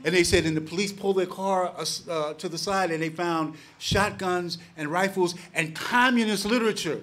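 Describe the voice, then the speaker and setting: A man in his sixties, a panelist telling a personal story to a packed live audience, animated and acting out the voices of the people in it. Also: high voice, moderate pace. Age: 60s. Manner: animated, acts out quoted voices, laughs between lines. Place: packed public panel gathering.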